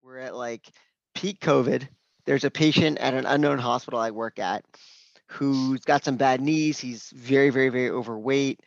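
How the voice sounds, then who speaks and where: A man, a physician, telling a story at an open mic in an animated way, acting out the dialogue. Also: medium pitch, moderate pace, vocal fry, dry recording. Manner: animated, acts out quoted dialogue. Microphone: video call. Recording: dull, dry virtual-call audio.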